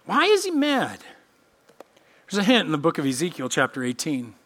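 A male pastor preaching with a high, bright voice that swings widely in pitch. He reads scripture aloud and slips into quick voices for the people he quotes. His delivery is expressive, rising and falling with emphasis. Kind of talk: sermon. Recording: church podcast sermon.

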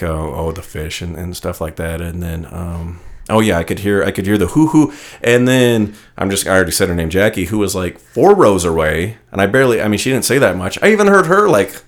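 A man with a deep, low voice holds forth on a podcast, talking into his microphone in a loose, meandering way. He circles back on himself, restarts his sentences and piles on asides as he spins everyday stories. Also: animated, brisk, few pauses. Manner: rambling storyteller, many restarts and asides. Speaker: podcast co-host. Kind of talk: casual chat. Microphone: studio microphone.

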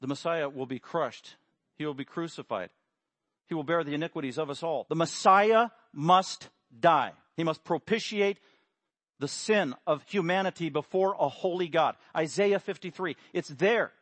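A man delivers an animated sermon, rising to loud emphatic peaks and then dropping low. His voice sits a little high. The recording is dry, with no room sound. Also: moderate pace, no echo. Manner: acts out quotes with raised voice. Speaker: preacher.

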